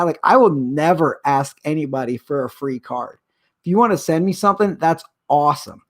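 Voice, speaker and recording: A man's voice: a little high, animated, a little fast. A middle-aged man hosting a live stream, ranting in an agitated, rambling way. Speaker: show host. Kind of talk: casual live-stream rant.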